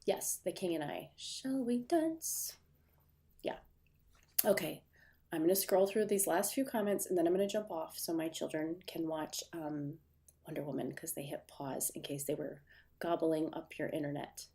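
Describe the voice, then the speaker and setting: A woman's voice: sits low, steady tone, moderate pace, mellow, a little hiss or hum. Chatty midwestern woman, nasal and stuffy. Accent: Midwestern American. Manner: chatty, rambling with fillers. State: stuffy runny nose. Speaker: livestream host. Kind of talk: casual livestream chat with viewers. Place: home desk, indoors.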